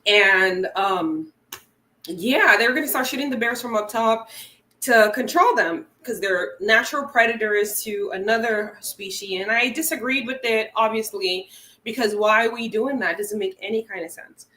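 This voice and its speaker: A woman's voice: on the high side, moderate pace, sharp tone, reverberant. A woman hosting a nature livestream, chatting casually with many fillers and small laughs. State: teary burning eye. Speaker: wildlife channel host.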